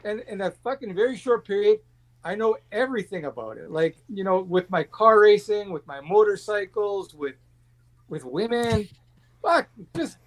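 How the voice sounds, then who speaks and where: A man's voice: high-pitched, animated, normal speed. A man chatting as a guest on a livestream, blunt and rambling, swearing freely. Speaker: guest watch collector. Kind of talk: casual livestream chat.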